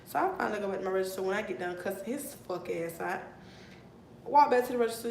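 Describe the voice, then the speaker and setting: Young woman ranting thru a storytime, kinda high voice, echoey room w faint rumble. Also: quick pace. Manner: heated, profane, animated retelling. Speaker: vlogger. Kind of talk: storytime vlog.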